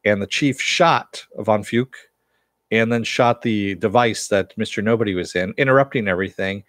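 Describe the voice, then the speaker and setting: A man's voice: lowish voice, normal speed, a bit bright, dry recording, studio quality. A man casually recapping a TV episode, rambling and correcting himself, chuckling often. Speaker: TV episode reviewer.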